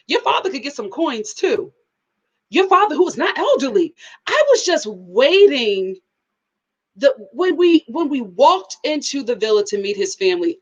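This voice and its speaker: Lively woman vlogger with a high, swooping voice who laughs a lot and acts out quotes. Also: husky, highs cut off. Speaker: vlogger reviewing a reality show. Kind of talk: casual chat.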